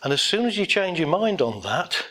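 A man's voice: high-pitched, sing-song, normal speed, fairly bright tone. A man giving a motivational talk to an audience, blunt and rambling, telling anecdotes with self-deprecating laughs.

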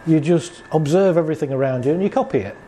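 Mellow-voiced man giving a talk. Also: fairly high pitch, quick pace, slight background noise. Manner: chatty storyteller, acting out quotes with laughs. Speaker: speaker on anxiety and relationships. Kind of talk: talk to a live audience.

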